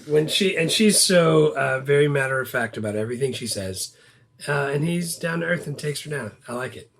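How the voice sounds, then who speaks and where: A man from Louisiana co-hosts a movie podcast in an easygoing, wry way. His voice is gravelly and husky. It sits a little high for a man. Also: lively intonation, brisk, fairly bright tone. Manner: laid-back, wry joking. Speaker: podcast co-host. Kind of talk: casual movie podcast chat.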